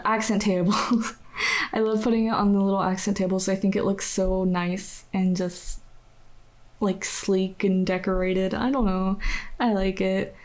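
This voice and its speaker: A young American woman giving casual voice-over commentary on a building video, chatty and rambling, full of "like" and self-deprecating laughs. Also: medium pitch. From United States. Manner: chatty, rambling, says "like" constantly, laughs at herself. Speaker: game builder narrating a speedbuild.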